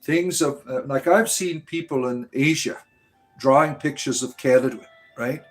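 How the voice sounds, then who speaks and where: With a medium-pitched voice and a measured pace, an American man rambles through a relaxed livestream, reading chat messages out loud and tossing in "right?" again and again. Faint music plays in the background.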